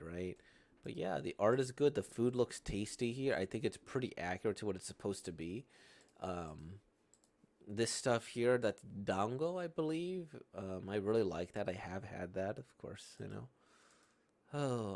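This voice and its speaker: Guy reacting casually, lowish voice, meandering, hesitant, keeps checking in with tag questions. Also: darkish tone. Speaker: manga reaction host.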